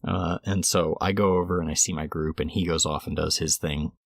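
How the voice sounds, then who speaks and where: Brief: deep-voiced male co-host, loose rambling storyteller, dry close sound. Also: fairly even intonation, a little fast, vocal fry, dry recording. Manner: rambling, many restarts and fillers, laughs mid-story. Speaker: podcast co-host. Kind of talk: casual storytelling recap.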